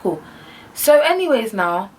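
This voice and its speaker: A young woman telling a storytime vlog in an animated, slangy way, filling her talk with "like". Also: on the high side, a little slow, recorded from a distance, a little hiss or hum. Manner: animated, slangy, heavy use of "like". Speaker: vlogger.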